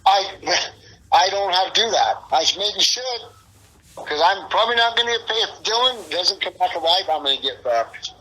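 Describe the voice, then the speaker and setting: A man's voice: high voice, lively intonation, normal speed, bright, forceful tone, husky, low-quality recording. A middle-aged man being interviewed, talking in a rambling, profane, frustrated way. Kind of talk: casual interview.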